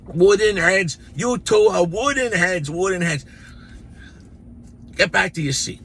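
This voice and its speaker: A man putting on the voice of a mean old nun teacher, shouting shrill scoldings at two schoolboys. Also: expressive, slow, creaky, slight background noise, exaggerated voice. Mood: furious scolding.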